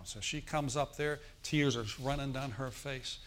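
A man's voice: mid-range voice, steady tone, normal speed, fairly bright tone. A middle-aged male pastor preaching a sermon in a church, telling a story with emphatic bursts.

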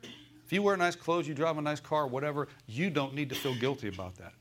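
A male pastor preaching a sermon in a church, folksy, asking the congregation for replies and slowing down to read scripture aloud. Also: a little high, a bit bright.

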